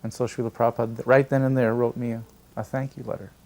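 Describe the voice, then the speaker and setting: Older guy with a gravelly voice, telling a story, gets animated. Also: medium pitch, quick pace. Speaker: devotee recalling memories. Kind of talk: storytelling interview.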